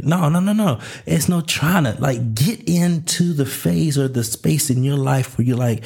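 A man's voice: medium pitch, normal speed, vocal fry, darkish tone, slightly rough. A young man hosting a faith-based motivational talk, speaking in casual slang, asking rhetorical questions and acting out little dialogues. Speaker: podcast host.

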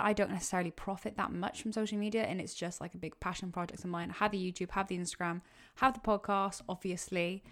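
Chatty young Welsh woman podcaster. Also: medium pitch. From Wales. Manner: chatty, rambling, self-correcting. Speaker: podcast host. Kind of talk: casual solo Q and A. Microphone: podcast microphone.

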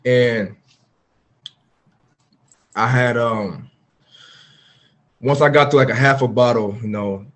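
A man speaking at an ordinary mid pitch, telling his own story as a podcast guest. His talk is earnest and open, loose and conversational, full of fillers. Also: slow pace, pauses often. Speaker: podcast guest, former pro football player. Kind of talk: candid personal storytelling in a conversation.

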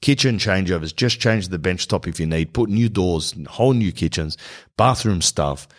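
A man's voice: low voice, normal speed. A man hosting a podcast, rambling in slangy comic monologue and reading an ad. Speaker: podcast host. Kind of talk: comedic podcast monologue and host-read ad.

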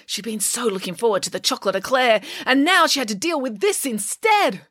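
A woman narrating a children's storybook in a wry, playful and expressive way, with dramatic pauses. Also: fairly high pitch, breathy edge, no room sound, clean studio sound.

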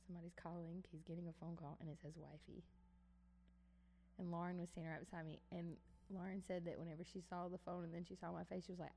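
A woman's voice: on the low side, gravelly, warm tone, long reverb tail, a little hiss or hum. A young woman co-hosting a casual chat, telling stories with lots of "like" and swearing. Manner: storytelling, frequent "like" and swearing. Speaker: podcast co-host.

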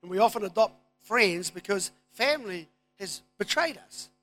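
A man preaching a sermon, moving from quiet asides to loud, emphatic declarations. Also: sits high, expressive, normal speed, faint music behind. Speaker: pastor.

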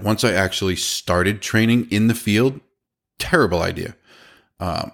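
A man in his thirties, a business owner casually telling a story about his company and quoting the people in it. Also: deep voice. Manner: animated, quotes people in their own voices.

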